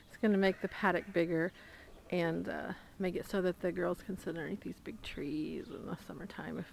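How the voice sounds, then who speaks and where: A creaky, lowish female voice with fairly even intonation moves at a moderate pace through a casual tour of her homestead. She rambles among the barns and animals of her small farm, with frequent fillers and small laughs. Slight background noise comes through the handheld camera mic.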